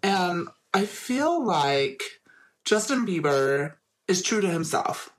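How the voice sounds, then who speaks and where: A podcast co-host in casual chat, talking enthusiastically with many halting restarts. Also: medium pitch, big pitch swings.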